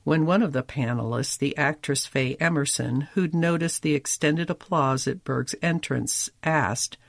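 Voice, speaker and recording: A man giving scripted narration of a magazine feature, with a measured, articulate reading and wry emphasis. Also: on the high side, vocal fry, a bit bright, no room sound, clean studio sound.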